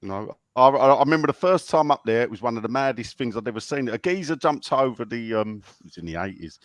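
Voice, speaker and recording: A man's voice: medium pitch, lively intonation, fast talker, no echo. A man co-hosting a football fan podcast, telling rambling stories and laughing mid-sentence. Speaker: podcast co-host. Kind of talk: casual fan podcast chat.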